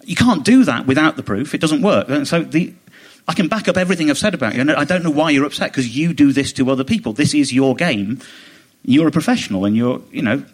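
A man, a comedian guest on a chat podcast, telling an animated, indignant story and mimicking other people as he goes. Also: on the high side, fast, breathy edge. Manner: animated, indignant, quotes others in mock voices.

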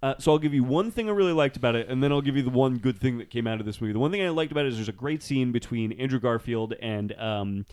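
A man's voice: medium pitch, quick pace, few pauses, darkish tone, clear, resonant tone. A man co-hosting a podcast, telling a story with eager, laughing enthusiasm in casual chat. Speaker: podcast co-host.

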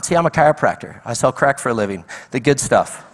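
A middle-aged man preaching to a congregation, telling his story with lively energy and voicing each person in it. His voice sits at an ordinary pitch and rings out with a long reverb from a large church hall. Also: brisk, few pauses. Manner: animated storytelling with acted-out quotes. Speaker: guest preacher. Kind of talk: sermon.

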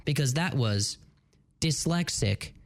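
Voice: medium pitch, animated, takes it slowly, very noisy. A morning radio host doing playful solo banter on a close studio mic, laughing at their own slip-ups while stumbling through tongue twisters. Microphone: studio broadcast mic, close.

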